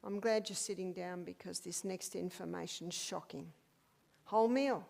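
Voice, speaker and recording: A woman's voice: moderate pace, gravelly. An older woman giving a health lecture, asking emphatic rhetorical questions. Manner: emphatic, rhetorical questions, lively pitch swings.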